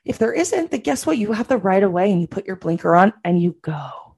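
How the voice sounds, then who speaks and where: A woman's voice: medium pitch, big pitch swings, brisk, creaky, darkish tone, slightly rough. A woman co-hosting a podcast in casual chat, earnest and explaining things at length. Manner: earnest, explains at length, rises when worked up. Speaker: podcast co-host.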